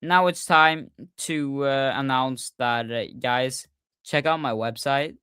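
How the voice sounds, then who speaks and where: A man hosting a casual livestreamed podcast, talking excitedly and often restarting his sentences with fillers. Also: mid-range voice, slow, clean tone, no echo, studio quality. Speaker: podcast host.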